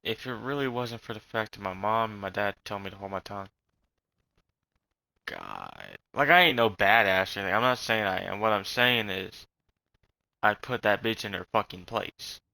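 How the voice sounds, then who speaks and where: A man's voice: on the low side, lively intonation, normal speed, gravelly, bright, forceful tone, no echo, poor audio. A young man with a slight Southern accent, ranting in a rambling, profane way while he plays a game. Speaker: vlogger. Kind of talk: rambling casual rant.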